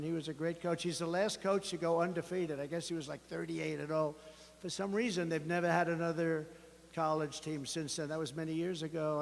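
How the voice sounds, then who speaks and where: Politician guy at a campaign rally, raspy gravelly tone, lots of repeating, long echo off the hall. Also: on the high side, a bit bright. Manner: rambling, emphatic, repeats himself. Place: large rally venue.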